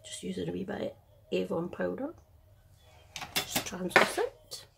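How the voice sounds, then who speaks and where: A middle-aged Scottish woman and makeup artist chatting casually through a makeup tutorial at home, in a soft, half-whispered, self-deprecating way. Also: fairly low pitch, expressive, unhurried, vocal fry, noisy background.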